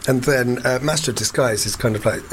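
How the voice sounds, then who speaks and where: A man's voice: medium pitch, fairly quick, a bit bright, slight background noise. A man co-hosting a casual podcast chat, jokey and wry. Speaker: podcast co-host.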